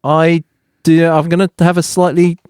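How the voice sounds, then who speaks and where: A man's voice: on the high side, normal speed, clean tone, dry recording, studio quality. A man co-hosting a podcast, asking questions and joking that he is a geek. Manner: lively, questioning, self-deprecating about being a geek. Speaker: podcast co-host. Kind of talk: casual music discussion.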